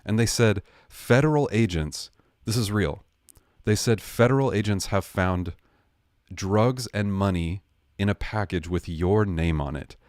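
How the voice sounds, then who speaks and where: Fairly low and a little mellow, this man's voice takes an unhurried pace. Hosting a livestream, he delivers a casual storytelling rant in a sarcastic, joking way, fixing his own words along the way. There's no room sound, and the quality is studio-grade.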